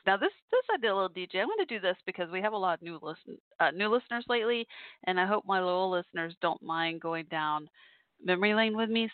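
A woman's voice: on the low side, no echo. A woman hosting a call-in podcast, chatting in a rambling way with fillers and asides. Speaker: podcast host and call-in show DJ. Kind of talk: casual solo podcast talk. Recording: dry tinny phone-like line.

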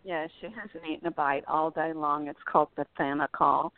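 A woman's voice: deep voice, fairly even intonation, moderate pace, dry recording. A woman calling in to a radio show, talking earnestly and in detail, close to tears at times. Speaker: caller. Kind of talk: phone call to a radio show. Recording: dry tinny phone line.

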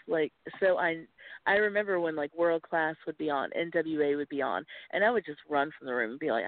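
A woman's voice: low-pitched, fairly quick, no room sound. A woman in her forties from North Carolina with a Southern accent, chatting and laughing as a podcast guest. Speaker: guest, wrestling commentator. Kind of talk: casual podcast chat. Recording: tinny phone-line audio.

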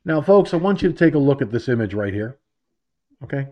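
A man's voice: medium pitch, sing-song, a little fast, dull audio. A man hosting an internet radio show, delivering a sarcastic, rambling political monologue and repeating himself.

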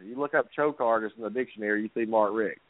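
A man's voice: lowish voice, quick pace, no echo. A man hosting a sports talk show, ranting with laughs between jabs at local teams. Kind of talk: casual sports radio rant. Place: lives in Atlanta. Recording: tinny phone-like radio sound.

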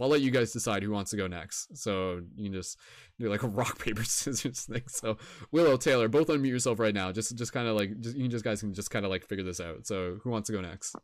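A man's voice: fairly low pitch, a little fast, no echo, clean studio sound. A young man hosting a casual video-call broadcast, rambling with many fillers and encouraging his guests. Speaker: host.

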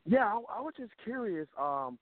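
A man's voice: high-pitched, big pitch swings, normal speed, no echo. A man calling in to a talk show, asking a question politely and hesitantly. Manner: polite, hesitant, searching for words. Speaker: caller. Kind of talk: call-in question. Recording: dry phone line.

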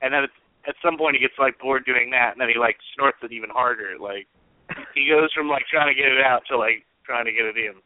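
A man chatting casually about a film as podcast co-host, relaxed with filler words. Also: mid-range voice, brisk, no echo. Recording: tinny phone-like line.

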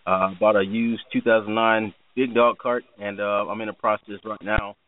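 A man's voice: lowish voice, flat delivery, moderate pace. A man calling in to a radio show, talking in a friendly, folksy way. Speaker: caller. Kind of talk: call-in radio chat. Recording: tinny phone line.

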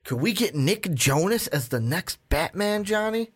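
A man co-hosting a casual film podcast, animated and steering the talk, with frequent "um"s. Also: sits high, a little slow, slightly rough. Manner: animated, steers the conversation with many "um"s. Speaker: podcast co-host. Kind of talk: casual chat.

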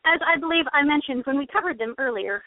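A woman's voice: sits high, expressive, quick pace, dry recording. A woman co-hosting a casual chat show, opinionated and laughing often. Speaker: podcast co-host. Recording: tinny phone-line call, dry.

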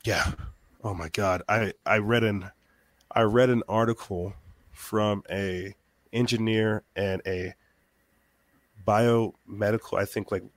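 A man speaking as a guest on a talk show, talking quickly, repeating words as he gets fired up. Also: fairly low pitch, fairly even intonation, dry recording. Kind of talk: podcast interview.

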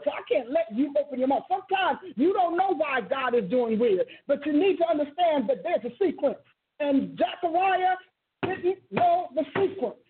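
A woman's voice: high voice, slight background noise. A woman preaching a sermon with passion, repeating and rephrasing her words and breaking into sudden exclamations. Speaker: preacher and teacher. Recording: tinny phone-like sound.

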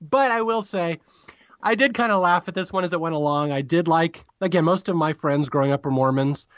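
A man co-hosting a podcast, chatting casually and quickly about a comedy episode, often correcting himself mid-sentence. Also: a little high, no room sound, dull audio. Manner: rapid, chatty, self-correcting. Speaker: podcast co-host. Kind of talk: casual review chat.

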